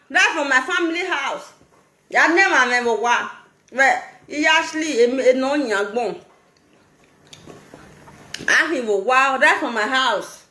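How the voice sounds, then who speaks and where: A Nigerian woman streaming a live vlog, talking in an animated, scolding way and laughing often. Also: high-pitched, measured pace, long pauses, roomy sound. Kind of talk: casual live-stream commentary.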